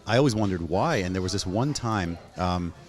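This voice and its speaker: A Canadian man in his thirties hosting a casual chat, telling stories with animated acted-out quotes. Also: low voice, a little fast. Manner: animated storyteller, acts out quotes. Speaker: host.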